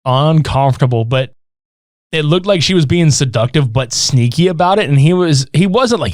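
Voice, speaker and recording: A man's voice: mid-range voice, fairly quick, no room sound, clean studio sound. A man co-hosting a podcast, recapping a film in casual chat, full of swearing and acted-out quotes. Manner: animated storytelling, heavy swearing, acts out quotes. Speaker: podcast co-host.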